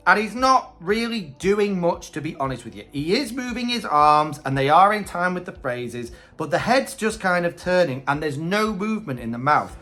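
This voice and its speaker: Chatty, lively male reviewer. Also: sits high. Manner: chatty, hesitant opinions. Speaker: host. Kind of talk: casual review commentary.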